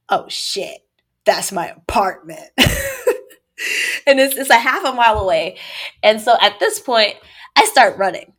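Young woman, story time, casual chat, animated, mid pitch, asides and laughs.

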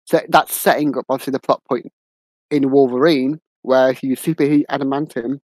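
Male podcast co-host, mid pitch, hesitant, blunt, dry recording. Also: fairly even intonation, a little fast, darkish tone, no room sound, rough recording. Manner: hesitant, fillers and restarts, blunt opinions. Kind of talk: casual film review chat. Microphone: podcast mic.

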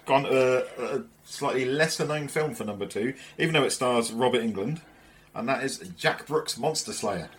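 This podcast co-host is a man with a mid-range voice who talks at a moderate pace over a little hiss or hum. He chats casually and enthusiastically, rambling through retellings and swearing freely.

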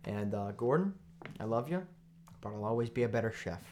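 A young man co-hosting a podcast, telling a tall story in a deadpan, mock-serious way among friends. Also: fairly low pitch, fairly quick, a little hiss or hum. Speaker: podcast co-host. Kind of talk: joking casual chat.

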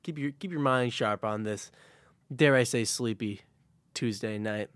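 A man's voice: mid-range voice, unhurried, a bit bright, clear, resonant tone, dry recording. A young man co-hosting a sports talk show in casual chat, joking and telling stories with energy. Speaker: podcast co-host.

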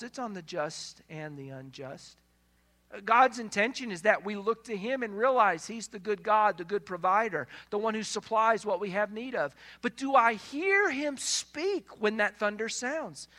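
A male pastor delivering a sermon in a high, bright, ringing voice. He preaches emphatically, moving between hushed passages and loud, stressed lines. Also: lively intonation, a little slow.

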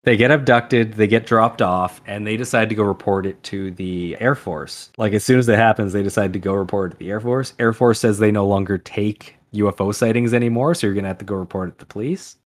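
A man's voice: lowish voice, fairly quick, few pauses. A man co-hosting a podcast, telling a story in a chatty, loose way and correcting himself as he goes. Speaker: podcast co-host. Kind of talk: casual storytelling.

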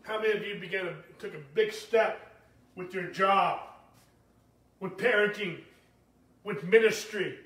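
High-voiced animated male preacher, echoey. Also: a little slow, long pauses. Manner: animated preaching, rising to shouts, asks the congregation questions. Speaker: pastor. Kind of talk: sermon. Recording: echoey room, speaker far from mic.

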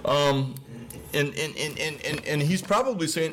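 A man's voice: fairly high pitch, a little slow, a bit bright, slight background noise. A middle-aged man giving an informal, conversational sermon, often slipping into the voices of the people he describes. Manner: casual, conversational, acts out voices of biblical figures. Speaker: preacher.

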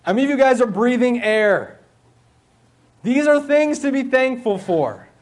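A man with a notably high speaking voice delivers a sermon to a school audience. He talks in a conversational way, throwing out rhetorical questions and repeating key phrases for emphasis. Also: lively intonation, unhurried.

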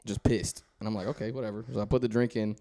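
A man telling a casual story on a podcast, animated and laughing as he goes. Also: fairly low pitch, fast talker. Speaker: guest on a podcast.

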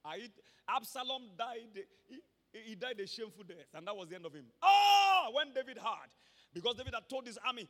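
A man with a Nigerian accent preaching a sermon to his church, emphatic and rising from quiet talk to shouts. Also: very high-pitched, sing-song, a little fast. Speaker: pastor. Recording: long hall reverb.

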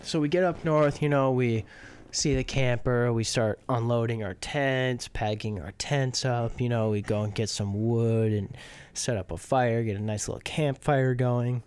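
A young man co-hosting a podcast, telling a story in casual chat, animated and profane, laughing as he goes. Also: medium pitch, unhurried, smooth. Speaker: podcast co-host.

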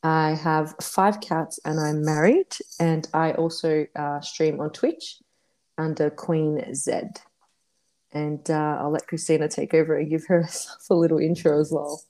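A chatty Australian woman with a low, mellow voice, talking loosely and laughing often. She slips in casual swearing as she rambles through a podcast chat. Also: level tone, measured pace. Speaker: podcast co-host.

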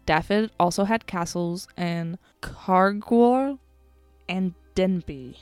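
A woman's voice: lowish voice, slow pace, a little mellow, clear, resonant tone, dry recording, faint music behind. A tired woman co-hosting a podcast, teasing her friend and then reading history steadily from notes. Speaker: podcast co-host. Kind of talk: casual chat and reading history.

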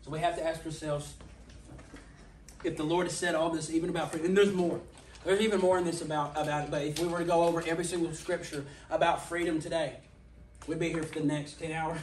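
A man's voice: fairly high pitch, flat delivery, fast, a little hiss or hum. Man preaching a fervent sermon; roomy, off-mic sound with faint ambience. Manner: impassioned, voice rising to near-shouting at peaks. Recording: echoey room, mic at a distance.

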